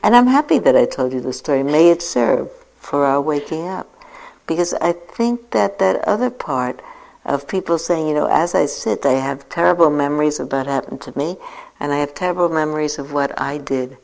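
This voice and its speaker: A woman in her sixties giving a reflective dharma talk as a meditation teacher, telling a personal story with gentle self-mocking humor. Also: sits low, moderate pace, gravelly, rough recording. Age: 60s.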